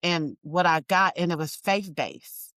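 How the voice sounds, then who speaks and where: A woman entrepreneur, a guest on an interview, telling her story in an emphatic, animated way and calling listeners y'all. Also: on the low side, a little slow, no echo.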